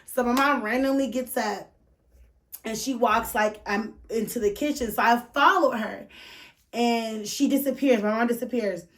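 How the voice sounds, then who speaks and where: Speaking at a normal speed in a fairly high voice, a woman hosting a podcast shares a personal story casually, swearing openly and using plenty of fillers. At times she nearly cries, and the mic is distant.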